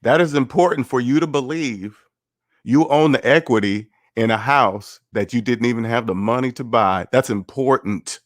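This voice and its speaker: A man's voice: medium pitch, normal speed, dry recording, studio quality. A man giving casual livestream commentary on personal finance, blunt and sarcastic, repeating his points.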